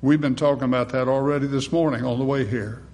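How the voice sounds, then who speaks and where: A man preaching a sermon in a dramatic, rhetorical manner, swinging between booming emphasis and hushed, quiet phrases. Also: fairly even intonation, quick pace. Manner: rhetorical, acts out congregation replies. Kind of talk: sermon with opening prayer.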